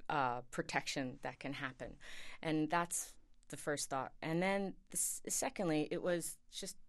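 Woman, from Queens, actress guest, animated storyteller, very low voice. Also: a little slow. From Queens, New York. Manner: animated storyteller who acts out quotes. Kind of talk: interview anecdote.

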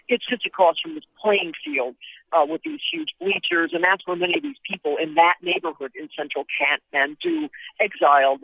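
Gravelly woman reporting over a tinny phone line. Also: medium pitch, no room sound. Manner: vivid, lively reporting with frequent fillers. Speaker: foreign correspondent. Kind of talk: live phone report from the field. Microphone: telephone.

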